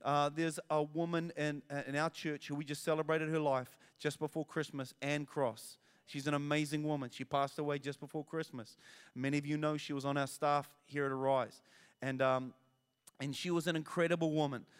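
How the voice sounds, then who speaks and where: A man preaching a sermon as pastor, animated storytelling with self-deprecating asides. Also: a little high, normal speed, clear, resonant tone, in a large hall.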